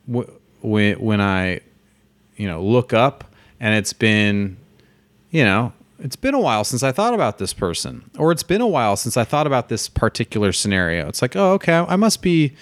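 A man's voice: lowish voice, clean tone, no echo. A man in casual conversation, speaking reflectively and picking up speed as he goes on.

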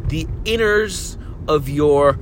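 A man hosting a rambling solo podcast while driving, talking crudely and swinging from shouts to mumbles. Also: on the high side, takes it slowly. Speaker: podcast host. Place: inside a car. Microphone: phone held to face. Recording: faint road noise in a car.

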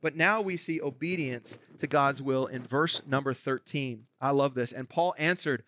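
A man's voice: mid-range voice, normal speed, a bit bright. A man preaching a sermon as pastor, in a conversational way that checks in with the congregation. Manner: conversational, asks the room "right?".

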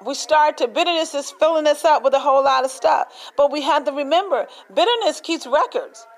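A woman's voice: high-pitched, fairly quick, poor audio. A woman preaching a sermon in an emphatic, repetitive way, acting out little scenes as she speaks.

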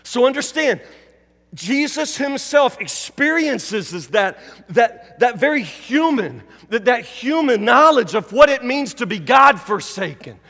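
A pastor giving a sermon, preaching emphatically and repeating key phrases, dropping from loud to hushed. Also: male voice, extremely high pitch, very animated, unhurried, long reverb tail.

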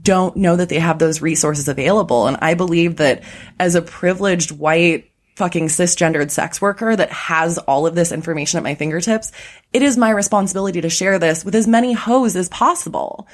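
A woman guesting on a podcast, blunt and fiery, with a lot of swearing. Her voice sits a little low. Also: brisk. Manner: blunt, profane, passionate. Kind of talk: casual chat.

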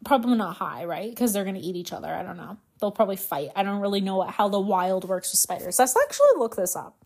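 A woman's voice: medium pitch, sing-song, fast, gravelly, darkish tone, breathy edge. A young woman hosting a casual solo podcast, ranting with profanity and sarcasm and thinking aloud as she looks things up. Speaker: podcast host.

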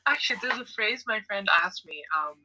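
A woman's voice: mid-range voice, lively intonation, fairly quick, pushed and bright, husky, low-quality recording. A woman co-hosting a podcast, teasing and laughing in casual chat. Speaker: podcast co-host.

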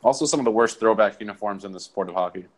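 A man's voice: fairly low pitch, rapid-fire. A man co-hosting a podcast in casual chat, loose and profane, riffing through comic bits. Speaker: podcast co-host.

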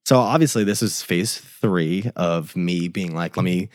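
In a slightly slow, low-pitched voice, a young tour photographer spins a casual story on a podcast, cursing along the way and voicing the dialogue himself. The studio-quality audio has no echo.

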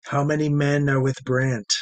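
A man's voice: fairly high pitch, flat delivery, no room sound, natural voice. Man playing a whispering sadistic torturer. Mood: menacing. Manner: quiet, whispering, slow and menacing. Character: small sadistic male psychopath interrogator.

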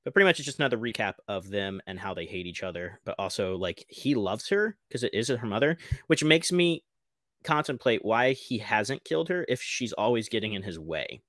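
A podcast co-host chats animatedly about a TV episode, laughing a lot and acting out quotes. His voice is lowish and fairly quick, with clean studio sound and no room noise.

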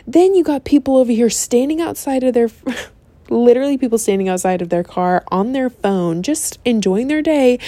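Profane ranting young woman, high voice. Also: dry recording. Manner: profane, animated, exasperated, laughing asides. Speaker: vlogger. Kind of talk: ranting storytime.

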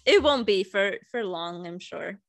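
A woman co-hosting a podcast, calmly recapping a TV episode and agreeing with short replies. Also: mid-range voice, measured pace, dry recording. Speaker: podcast co-host. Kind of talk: casual chat recapping a TV episode.

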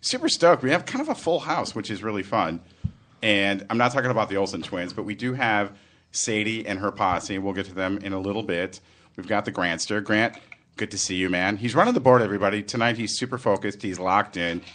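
A man's voice: fairly low pitch, steady tone, fairly quick, fairly bright tone. A man co-hosting a podcast in casual, upbeat, joking chat. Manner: upbeat, jokey. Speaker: podcast co-host.

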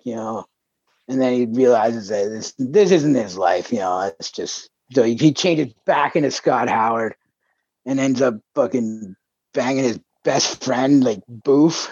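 A man's voice: medium pitch, dark tone, breathy edge, no echo. Swearing, rambling man on a podcast. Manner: profane, rambling storyteller. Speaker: podcast co-host. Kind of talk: casual chat. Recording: dull lo-fi dry sound.

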